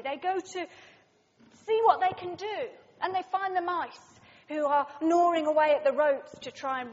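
A woman preaching a sermon and telling a story dramatically, swinging from loud passages to hushed ones, in a dull-sounding reverberant hall. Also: extremely high pitch.

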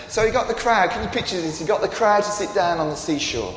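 A man telling a Bible story in a playful, animated way with frequent asides to listeners. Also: high-pitched, quick pace, slight background noise. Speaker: storyteller for a congregation. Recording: echoey hall with faint ambience.

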